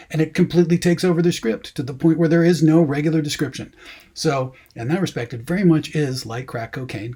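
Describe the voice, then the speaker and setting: A man's voice: mid-range voice, darkish tone, slightly rough. A man teaching screenwriting in a casual classroom lecture, conversational with wry asides and frequent ums.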